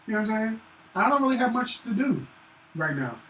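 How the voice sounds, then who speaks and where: A man chatting casually and acting out stories about his son, profane and animated. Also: high voice, fairly quick. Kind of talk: casual chat, storytelling. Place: room at a live stream. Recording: roomy, distant mic, faint hiss.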